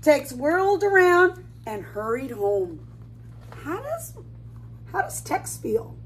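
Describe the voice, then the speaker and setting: A woman's voice: high-pitched, sing-song, takes it slowly, slight background noise. A woman preschool teacher reading a picture book aloud to young children, stopping often to ask them questions. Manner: asks children questions, warm sing-song asides. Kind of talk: storybook read-aloud for children.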